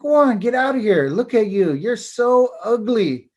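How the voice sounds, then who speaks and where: A man's voice: very high voice, very animated, measured pace, a little mellow, voice pushed up, exaggerated voice. A man voicing a vain male dogwood tree in a spoken folk tale, haughty and scornful.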